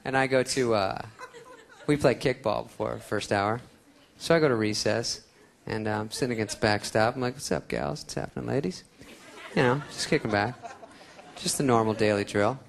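A man's voice: mid-range voice, normal speed, gravelly. A man doing stand-up comedy on a theater stage, sarcastic and self-mocking. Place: theater stage before an audience. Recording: live concert recording with crowd. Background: audience laughter.

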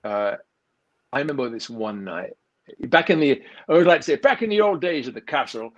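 A middle-aged man with an English accent that has drifted a little toward Canadian, chatting as a guest in a relaxed way, telling stories with frequent restarts. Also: medium pitch, moderate pace, lo-fi sound. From England. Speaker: magician and actor guest. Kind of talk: casual chat.

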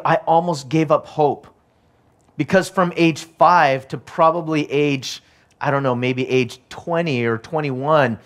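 A middle-aged man preaching a sermon in a somewhat high voice. He tells a personal story, then presses hard with urgent, repeated calls not to give up. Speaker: pastor.

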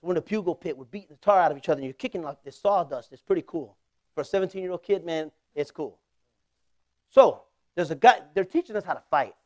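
A pastor in his forties with a fairly high voice preaches in a loose, joking way. He laughs easily as he tells his story, jumps to loud bursts, then drops to quiet asides. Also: lively intonation, quick pace, dry recording. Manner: conversational and humorous, often laughing. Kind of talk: storytelling sermon.

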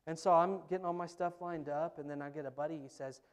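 A man preaching a sermon in church, telling stories in an animated, emphatic way. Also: on the high side, fast, smooth. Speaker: pastor. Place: church sanctuary.

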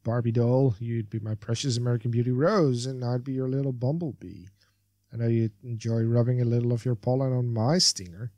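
A man voicing an oversexed, sleazy male bachelor contestant, suggestive and smooth-talking. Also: medium pitch, steady tone, a little fast, dark tone, no echo, lightly acted.

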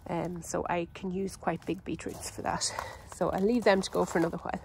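An Irish woman giving a casual, unhurried walkthrough of her vegetable garden outdoors, chatty and full of ums and self-corrections. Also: fairly low pitch, level tone, creaky, a little mellow, a little hiss or hum, low-quality recording. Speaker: home gardener and channel host.

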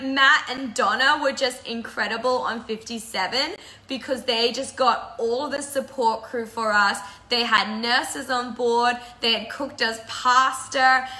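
A woman hosting a live video and talking casually about something that moved her deeply, laughing through tears and chatting freely. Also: measured pace, pushed and bright, echoey room. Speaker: break-up counsellor and channel host.

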